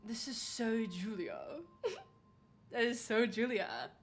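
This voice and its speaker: A woman's voice: a little high, very animated, takes it slowly. A young woman streaming, chatting casually and reading chat aloud, saying "like" a lot and laughing often.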